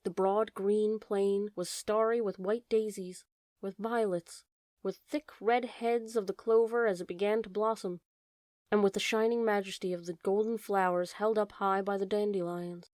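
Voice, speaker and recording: A woman narrating a classic animal fairy tale as an audiobook, reading in a slow, measured way. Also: medium pitch, steady tone, a little mellow, no echo, clean studio sound. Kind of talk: scripted storybook narration.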